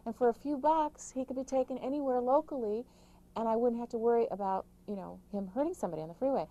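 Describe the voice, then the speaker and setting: A middle-aged woman, an author, giving emphatic, rapid-fire caregiving advice in an interview, with frequent restarts. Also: on the high side, mellow, poor audio. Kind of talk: interview answers.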